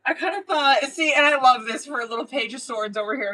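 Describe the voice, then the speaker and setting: Her voice sits high and moves fairly quickly, barely pausing, as this young tarot reader chats through a live-stream reading. She's animated and casual, laughs a lot, drops the odd curse, and peppers everything with "like" and "um." The audio is poor.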